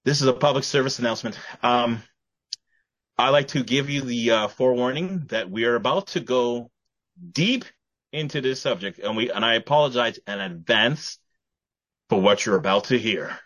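A man's voice: medium pitch, moderate pace, fairly bright tone. A man hosting a casual podcast, playful and theatrical in his announcements. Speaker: podcast host.

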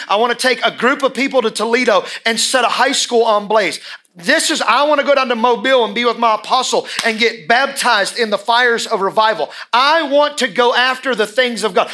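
A man's voice: extremely high pitch, bright, forceful tone. A male pastor preaching a sermon in a church, emphatic and repeating his phrases for effect.

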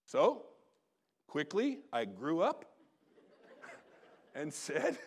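Man, high voice, pastor, middle-aged, storytelling sermon, animated with hushed asides. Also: very slow, slight background noise. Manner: animated storyteller with sudden drops to quiet asides.

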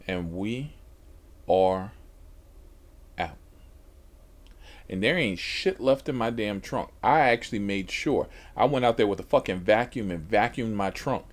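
Exasperated man telling a wild story. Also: fairly low pitch. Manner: animated, exasperated, heavily profane. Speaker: podcast host and rideshare driver. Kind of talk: comic podcast storytelling.

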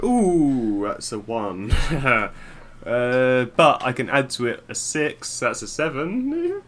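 A man's voice: medium pitch, very animated, takes it slowly, fairly bright tone. A man playing a tabletop game, cracking jokes and laughing often in a casual way. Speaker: player.

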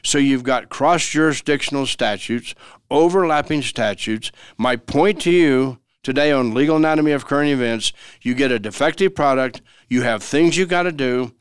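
A man's voice: mid-range voice, normal speed, clear, resonant tone, no room sound, studio quality. A man hosting a legal explainer podcast, folksy and repeating his key phrases for emphasis. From Denver, Colorado. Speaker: podcast host and lawyer.

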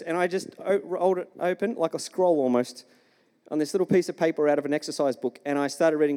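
A man's voice: fairly high pitch, steady tone, fairly quick, darkish tone. A male pastor preaching a sermon in a church, telling a story and asking the congregation questions. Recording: long reverb of a church hall.

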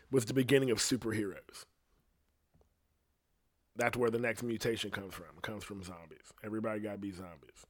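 A man ranting loosely on his own podcast, rambling from idea to idea with lots of swearing and "you know what I mean". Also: lowish voice. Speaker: podcast host. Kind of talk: rambling solo podcast rant.

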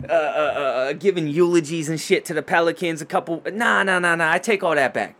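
A man hosting a casual sports show, talking fast and loose with lots of swearing and trash talk. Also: on the high side. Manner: profane, excitable trash talk.

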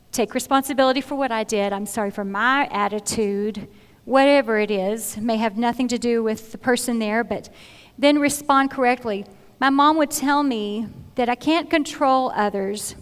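A woman's voice: fairly high pitch, smooth. A middle-aged woman giving an earnest, conversational Bible talk in a church, often repeating phrases as she searches for words. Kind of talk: sermon-style Bible teaching. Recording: long hall reverb.

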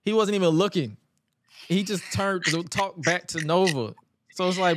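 A man co-hosting a podcast and recapping wrestling in a casual, animated way. He stammers and acts out quotes. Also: high-pitched, moderate pace. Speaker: podcast co-host.

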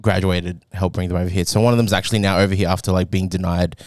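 A low-voiced young man chatting casually on a podcast. He rambles with lots of fillers and laughs through his stories. The mic is close and the sound is dry. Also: level tone, fast talker, clean tone, no room sound. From Australia. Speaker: podcast co-host. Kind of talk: casual chat.

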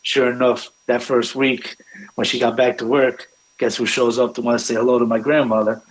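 A man's voice: mid-range voice, little pitch movement, normal speed, low-quality recording. A man, a restaurant owner, telling family stories in a rambling way, with many fillers and restarts. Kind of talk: conversational storytelling.

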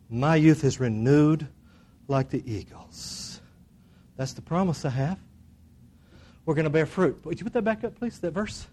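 A man preaching a sermon, building to shouted declarations and leading the congregation in call-and-response, then dropping into soft prayer. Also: on the high side. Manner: drops into soft, quiet prayer. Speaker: pastor.

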